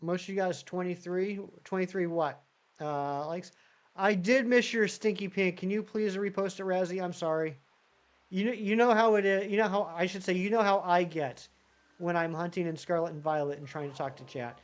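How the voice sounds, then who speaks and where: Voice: medium pitch, fairly even intonation, normal speed. A live-streaming gamer chatting casually with viewers, rambling and answering the chat while playing.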